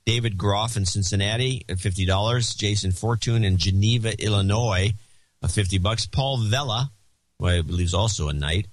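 A man's voice: lowish voice, moderate pace, dry recording. A man co-hosting a podcast, reading a list of donors and teasing his partner in a dry manner. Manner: dry, teasing, reads out lists of names. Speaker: podcast co-host. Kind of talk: casual chat.

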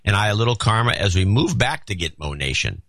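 A man's voice: fairly low pitch, very animated, a little fast, a bit bright, no echo. Dry-voiced man reading donor notes. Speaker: podcast co-host. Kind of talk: casual political chat, reading donor notes.

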